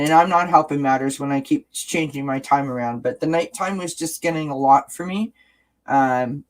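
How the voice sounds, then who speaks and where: A woman's voice: a bass voice, poor audio. A woman hosting a casual live-stream chat about oracle cards, talking in a rambling way with frequent restarts.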